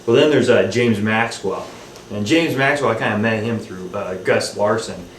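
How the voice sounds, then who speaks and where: Brief: male director, lowish voice, easygoing and rambling, recorded at a distance in an echoey room. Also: normal speed. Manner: rambling, many ums and restarts. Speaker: film director. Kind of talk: casual behind-the-scenes recollection. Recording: roomy, off-mic, faint hiss.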